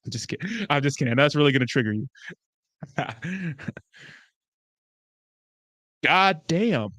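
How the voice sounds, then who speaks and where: A man with a forceful, bright, fairly high voice runs a crypto livestream. He talks back to his chat, profane and excitable. The sound is close and dry. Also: moderate pace, no room sound. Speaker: crypto YouTuber host. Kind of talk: livestream commentary answering chat.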